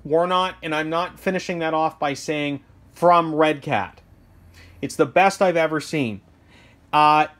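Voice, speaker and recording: Chatty man rambling through a review. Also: on the high side. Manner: rambling, chatty, self-deprecating, keeps asking okay?. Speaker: hobby shop owner reviewing RC trucks. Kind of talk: casual product review.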